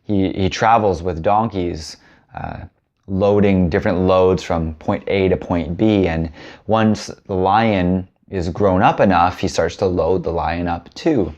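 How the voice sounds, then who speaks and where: A man's voice: sits low, a little slow, a little mellow, highs cut off. A man hosting a self-help video, giving an earnest, musing talk and telling stories in a casual way. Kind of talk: reflective spoken talk with storytelling.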